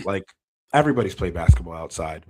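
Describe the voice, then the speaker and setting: A man's voice: low voice, expressive, brisk. A man co-hosting a sports podcast in casual chat, rambling with many fillers and frequent laughs. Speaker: podcast co-host.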